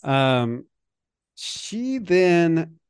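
A man's voice: on the high side, sing-song, drawn-out words, clean tone, no room sound, studio quality. A man co-hosting a podcast, casually retelling a movie's plot with lots of fillers and acted-out quotes. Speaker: podcast co-host. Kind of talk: casual movie recap chat.

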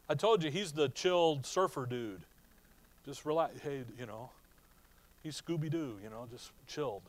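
A man preaching a sermon with lively emphasis, often asking the congregation rhetorical "what?" questions. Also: a little high, moderate pace. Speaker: pastor.

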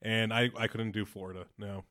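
A man's voice: lowish voice, level tone, a little fast, bright, forceful tone, dry recording, clean studio sound. Laid-back man with short replies. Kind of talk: casual podcast chat.

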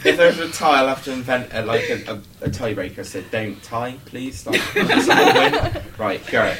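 A man's voice: mid-range voice, huge pitch swings, normal speed, distant mic. A man hosting a quiz on a student podcast, chatty and giggly, with lots of fillers. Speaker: quiz host. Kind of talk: casual student podcast chat. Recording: noisy room, speaker a little off-mic.

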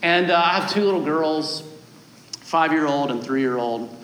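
A man in his thirties preaching a sermon as a guest pastor, telling stories with animated, self-deprecating humor. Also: on the high side, measured pace, reverberant, low-quality recording.

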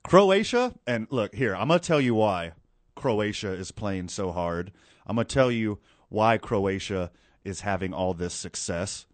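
A man chatting casually about soccer, recounting the game in an animated, excitable way with quick asides. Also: lowish voice, no echo. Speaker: co-host. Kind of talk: casual sports chat.

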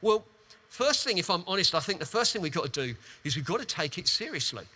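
A man preaching a sermon, retelling a parable with animated, emphatic storytelling and quick repetitions. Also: high voice, breathy edge.

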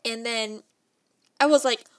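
Animated young woman, slightly high voice. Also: unhurried. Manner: animated and emotional, heavy use of "like", frequent laughs. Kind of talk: casual storytelling.

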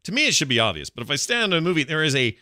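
A man's voice: fairly high pitch, very animated, very fast, bright, forceful tone, no room sound, clean studio sound. A middle-aged man chatting casually as a podcast co-host, rambling with many restarts. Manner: rambling, restarts, laughs a lot. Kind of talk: casual chat.

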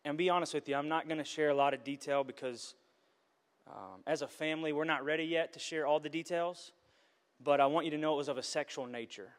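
Middle-aged male pastor, earnest and emotional in the pulpit, slightly high voice, long hall echo. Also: a little fast. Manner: earnest, emotional testimony with restarts. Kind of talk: sermon.

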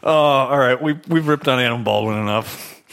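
A man's voice: mid-range voice, normal speed, vocal fry, fairly bright tone, clear, resonant tone. A man hosting a podcast, chatting casually about a movie, chuckling and reading from his notes. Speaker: podcast host. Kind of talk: casual movie commentary chat.

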